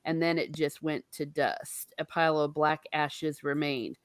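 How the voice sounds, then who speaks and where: A woman hosting a casual book discussion, chatty and animated, laughing often and swearing casually. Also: sits low, a little slow, no echo, clean studio sound. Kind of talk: casual chat.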